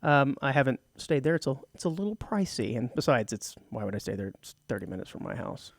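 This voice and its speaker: A man's voice: mid-range voice, big pitch swings, quick pace, no echo, clean studio sound. A man from Texas hosting a casual radio talk show, telling rambling stories full of restarts and teasing his co-host. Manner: rambling storyteller with many restarts.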